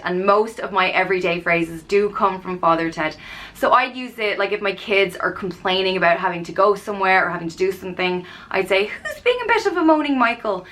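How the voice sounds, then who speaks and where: An Irish vlogger in her thirties speaks in a fairly low, pushed and bright voice. She chats casually, explaining phrases with lots of ums and playful example lines.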